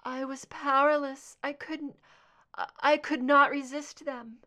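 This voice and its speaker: A hypnotized woman agent in an audiobook scene, her speech slurred and halting, pitched up and pressed louder than the narration around it, as a woman reader puts her on. She sounds shaky and frightened. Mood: fearful.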